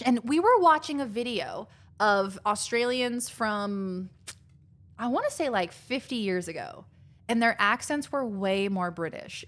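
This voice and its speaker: A woman chatting casually while live-streaming a game, rambling and filling her talk with "like". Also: medium pitch.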